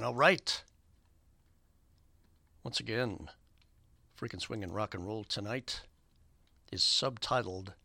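A man hosting a community radio show, giving rambling shout-outs and station announcements with lots of fillers in an upbeat way. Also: lowish voice, creaky, dry recording. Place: radio studio. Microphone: studio microphone.

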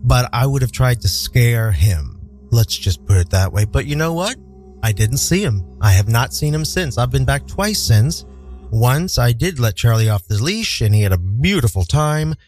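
A man hosting a radio show, telling a personal story in a candid, profane, animated way. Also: mid-range voice, normal speed, soft background music. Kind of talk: storytelling monologue. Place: radio studio.

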